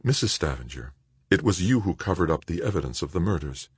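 A man voicing a bitter, vengeful woman in an audiobook, speaking in a cold, flat, hushed way. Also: sits low, a little fast, slightly rough, no room sound, full character voice.

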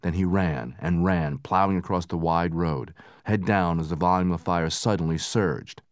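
A man narrating a book in steady, measured scripted narration, raising his voice for the soldiers' lines. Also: low-pitched, no echo, clean studio sound. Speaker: audiobook narrator.

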